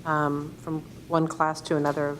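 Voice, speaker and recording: Lower-voiced woman board member, polite and hesitant, faint hiss. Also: monotone, unhurried. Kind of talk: asking a question at a meeting. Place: school board meeting room.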